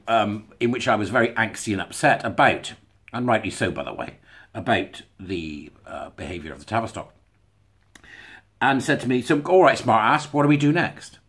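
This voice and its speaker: Male vlogger, husky voice, animated pitch, wry and chuckling, casual solo commentary. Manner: sarcastic, chuckling asides. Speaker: video blogger.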